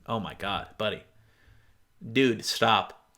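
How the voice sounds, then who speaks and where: A man riffs sarcastically in a casual reaction commentary, exasperated and quick to swear. His voice sits a little high and swings widely in pitch. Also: very animated, fairly bright tone. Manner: laughs often while reading. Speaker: reaction video host.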